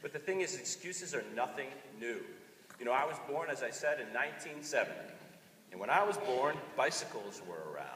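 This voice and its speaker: A man in his forties presents at a conference, joking with the crowd and calling on listeners. His voice is bright and lively, rising and falling freely. It is caught from a distance in a big, reverberant hall with faint room ambience. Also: medium pitch, a little fast, slight background noise. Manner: animated, jokey, engages the audience. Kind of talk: conference talk.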